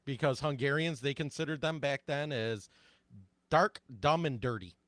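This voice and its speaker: A man's voice: mid-range voice, normal speed, fairly bright tone, no echo. A man co-hosting a casual talk show, speaking plainly and chiming in with agreement. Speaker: co-host.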